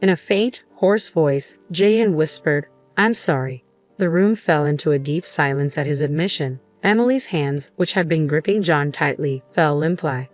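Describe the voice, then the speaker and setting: A woman with a low voice narrates a first-person story in a calm, even manner. Her reading is steady and measured, with faint background music underneath.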